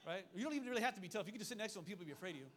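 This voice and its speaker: A man preaching a sermon with a high voice that rattles along at a fast clip. He hammers his points home through repetition and throws quick asides out to the congregation. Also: animated, a bit bright, slight background noise. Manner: fiery, repetitive preaching with call-and-response asides. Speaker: pastor.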